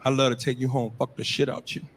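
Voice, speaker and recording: A man putting on an English accent to play a crude, smooth-talking flirt in a comedy bit. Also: medium pitch, little pitch movement, fast, slight background noise, pitched below the performer's own voice, natural voice.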